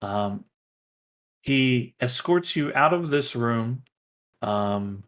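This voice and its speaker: A man narrating a tabletop game as its game master. He talks casually and loosely, with many ums and likes, at an ordinary middle pitch. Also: expressive, very slow, fairly bright tone.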